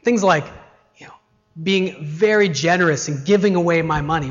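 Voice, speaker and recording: A man's voice: on the high side, expressive, moderate pace, dull audio. A middle-aged man preaching a sermon as pastor, posing rhetorical questions to the congregation with shifting emphasis.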